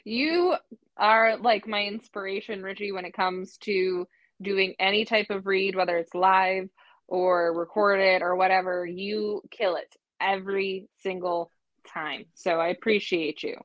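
A woman's voice: medium pitch, fairly even intonation, unhurried, no echo, lo-fi sound. Woman co-host, chatty, says like a lot, dry close sound. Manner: chatty, uses filler like. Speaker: podcast co-host. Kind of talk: casual chat.

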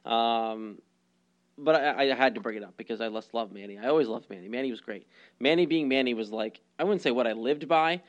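Man co-hosting a casual sports podcast, mid-pitched voice, wanders through his points with ums. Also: brisk. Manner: rambling, lots of ums and restarts. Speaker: podcast co-host.

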